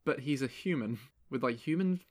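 A man co-hosting a podcast, reacting quickly and joking while chatting about an episode. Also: mid-range voice. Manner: animated, reacts quickly, jokey asides. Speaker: podcast co-host. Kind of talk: casual chat recapping an anime episode.

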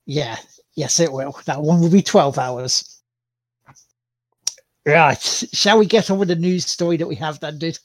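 A man's voice: fairly high pitch, a little slow, long pauses, dry recording. A tired man co-hosting a casual podcast, full of wry jokes and slang. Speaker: podcast co-host.

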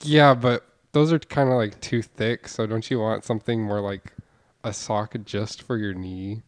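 A young man on a comedy podcast, pitching absurd ideas in a deadpan improvised bit. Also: measured pace, clean tone. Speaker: podcast co-host.

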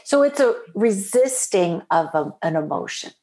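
A woman's voice: mid-range voice, moderate pace. A woman coaching a client through a parenting worry, probing with questions and playfully voicing the client's thoughts. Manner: animated, playfully acts out the client's inner voice. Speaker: life coach. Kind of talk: coaching session.

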